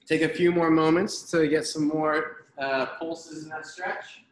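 A man leading an online workout class over a video call, giving brisk, encouraging cues and counting down reps. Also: fairly high pitch, steady tone. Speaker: fitness instructor. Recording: very echoey room, faint noise.

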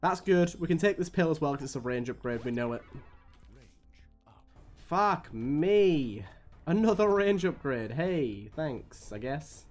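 A young man commentating his own gameplay on a live stream, his voice rising high and dropping low as he grumbles at the game. He swears freely and sounds worn down by bad luck. A faint music track runs behind him. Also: expressive, measured pace. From United Kingdom.

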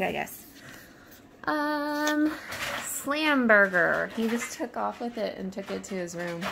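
A young woman with a high, bouncy voice that rises and falls a lot, talking at an unhurried pace. She laughs easily and scolds her dog between reading out the product labels. The home recording carries a steady, noticeable background hiss. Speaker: vlogger unboxing a dog toy box. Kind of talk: casual unboxing chat.

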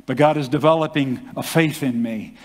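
Older pastor preaching with hall echo. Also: male voice, mid-range voice, normal speed. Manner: animated storytelling, acts out quoted voices. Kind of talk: sermon testimony. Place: church hall. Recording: long hall reverb.

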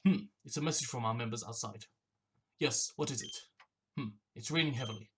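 A gamer voicing a gruff male villain leader while reading game dialogue aloud in a slightly lower tone. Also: brisk, slight background noise, lightly acted. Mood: worried.

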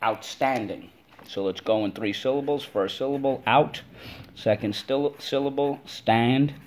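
A man's voice: medium pitch, moderate pace, darkish tone, slight background noise. A man teaching a spelling lesson to kids, drilling words in call-and-response and stretching them out syllable by syllable.

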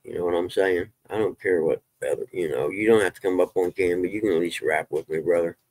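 Brief: low-voiced man, relaxed folksy live-stream chatter, dry close sound. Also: quick pace, no echo. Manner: folksy, swears when fired up. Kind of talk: casual live-stream chat.

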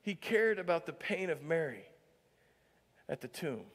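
High-voiced male pastor in a reverberant church. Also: sing-song, measured pace. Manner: conversational, heavy use of filler "like"; swings from hushed to loud and emphatic. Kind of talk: sermon. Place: church sanctuary. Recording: long church-hall reverb.

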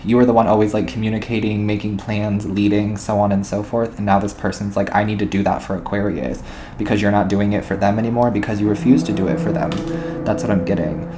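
A man's voice: lowish voice, steady tone, fast, warm tone, slight background noise. A man doing a tarot reading to camera, rambling and intuitive, often checking in with "okay?" and "all right?". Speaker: tarot reader.

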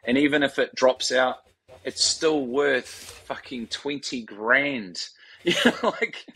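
Animated Kiwi man in his forties. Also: medium pitch, slow, breathy edge, rough recording. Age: 40s. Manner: animated storyteller, swears freely, acts out quoted voices. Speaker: guest, startup founder. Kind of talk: casual interview chat.

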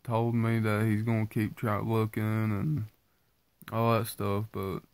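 A tired man, just woken up, gives his viewers a casual weight-loss update in a congested, stuffy voice from sinus trouble. His delivery is completely flat, slow and a little mellow, and he stays low-key and rambling.

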